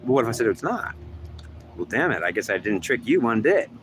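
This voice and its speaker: A man's voice: medium pitch, sing-song, fairly quick, noisy background. A man in a rambling self-dialogue, arguing back and forth with himself, swearing and repeating himself.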